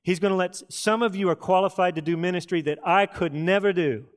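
A middle-aged man from Texas delivers a sermon as a pastor, his voice sitting a touch high for a man. He leans on homely stories, folksy asides and drawn-out dramatic pauses.

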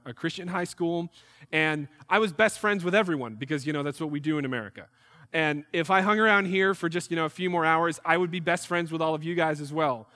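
Young male missionary speaker with a high voice, animated and humorous. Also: in a large hall. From New York. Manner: animated, jokey storytelling with acted-out asides. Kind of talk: ministry presentation to a church group.

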